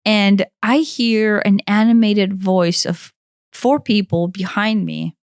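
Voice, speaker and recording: She's a podcast co-host from comes through as she talks. Her voice sits at an ordinary pitch, and she rambles with animated restarts. The recording is dry and close, with no room sound. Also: takes it slowly, smooth, no echo. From Kentucky, USA. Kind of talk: casual storytelling chat.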